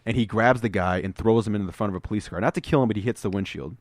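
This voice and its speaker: A man co-hosting a podcast, retelling comic book scenes as an animated storyteller in casual chat. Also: fairly low pitch, rapid-fire, dry recording. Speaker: podcast co-host.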